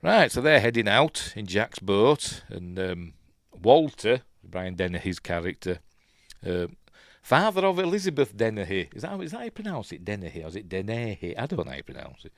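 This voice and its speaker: A man's voice: fairly low pitch, big pitch swings, brisk, gravelly, dry recording, clean studio sound. A man with a Yorkshire accent, hosting a chatty live film commentary and rambling as he gets sidetracked. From Yorkshire, England. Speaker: host.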